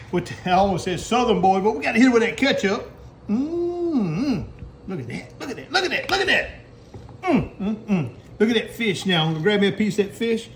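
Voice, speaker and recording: A man with a Louisiana accent showing how he fries catfish, calling out to viewers with excited exclamations. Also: sits high, slight background noise. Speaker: cook and channel host. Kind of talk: cooking demonstration. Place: store kitchen.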